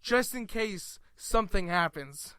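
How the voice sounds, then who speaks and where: High lively guy reading news bits on a radio show, dry close mic. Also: measured pace, clear, resonant tone, no room sound. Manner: joking, reads out news items. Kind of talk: casual radio banter.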